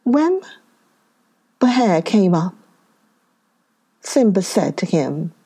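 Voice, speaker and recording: A woman narrating a children's story, reading slowly and with plenty of expression. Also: fairly low pitch, big pitch swings, dark tone, husky.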